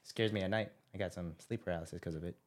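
A man's voice: deep voice, fairly even intonation, rapid-fire. A young man telling stories in a casual chat with friends, slangy and laid-back, laughing often. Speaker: podcast co-host.

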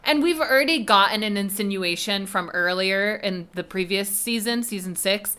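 A young woman co-hosting a podcast in casual chat, animated and swearing as she recaps scenes. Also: medium pitch, normal speed. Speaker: podcast co-host.

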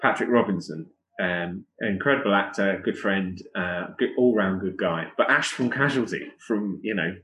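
Man, podcast guest, lively storyteller, lowish voice, echoey room. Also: normal speed, few pauses. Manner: animated, chatty anecdotes with laughs. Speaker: guest musician.

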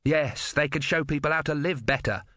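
A man voicing a practical, hurried male helper who talks loudly and briskly. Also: fairly high pitch, no room sound, studio quality, voice pushed up.

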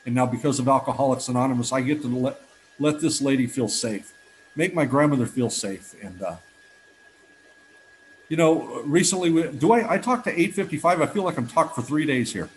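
A man's voice: mid-range voice, animated, normal speed, a little hiss or hum, poor audio. Earnest middle-aged man sharing his story. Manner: earnest, heartfelt storytelling with restarts. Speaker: recovery meeting speaker. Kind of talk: personal testimony talk.

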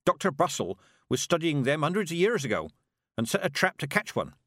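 A man voicing a stern, sharp-tongued old woman witch who speaks in curt, commanding tones. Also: on the high side, sing-song, fairly quick, no room sound, clean studio sound, voice pushed up.

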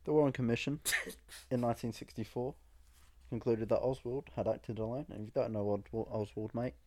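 A man's voice: mid-range voice, steady tone, a little fast, dark tone, no room sound. A young man hosting a casual podcast, playful and teasing, swearing freely. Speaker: podcast host. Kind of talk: casual joking podcast chat.

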